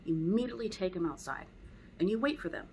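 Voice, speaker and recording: A woman's voice: mid-range voice, expressive, quick pace, darkish tone, a little hiss or hum, poor audio. A woman teaching dog training in a casual, conversational way at home. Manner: conversational, acts out dog and owner voices. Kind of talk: casual spoken lesson.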